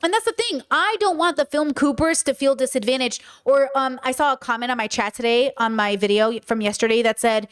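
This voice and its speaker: A young woman talks to her livestream chat in a blunt, animated, casual way, her voice sitting high. She rants freely and now and then drops into goofy voices and snatches of song. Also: fairly quick, hardly any pauses, smooth. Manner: animated, blunt, breaks into silly voices and sung bits. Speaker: podcast host and live streamer.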